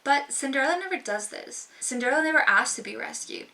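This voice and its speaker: A woman's voice: high voice, animated, fast talker, pushed and bright. A young woman talking to camera in a sassy, emphatic, informal way. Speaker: vlogger. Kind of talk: casual talk to camera. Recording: voice slightly distant from mic.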